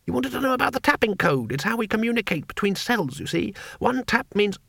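Male narrator putting on a naive tourist, high, innocent and keen, dry close sound. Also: very animated, a little fast, creaky, sharp tone, no room sound, heavily acted. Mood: eager. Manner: eager, innocent and earnest. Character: excitable naive little foreign tourist man.

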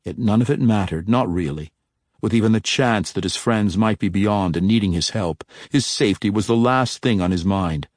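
A man narrating a fantasy audiobook in a measured, steady storytelling manner on a close mic. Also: lowish voice, no room sound.

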